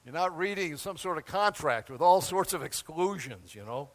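Older male pastor, folksy emphatic sermon, lively pitch, hall echo. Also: moderate pace. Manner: folksy and emphatic, with asides and chuckles.

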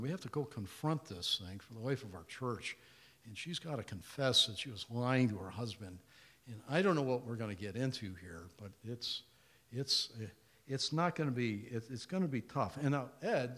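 An older male pastor preaching, his pitch swinging widely as he acts out the people in his stories. His voice sits at an ordinary middle pitch and moves from quiet asides to emphatic, rising lines. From Indiana, USA. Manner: storytelling, acts out dialogue, lively pitch. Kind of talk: sermon.

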